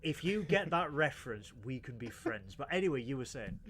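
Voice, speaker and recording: A man co-hosting a casual live podcast, excitable and jokey, stumbling over his words. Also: mid-range voice, a little fast, a little hiss or hum. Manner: excitable, jokey, stammering restarts. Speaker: podcast co-host.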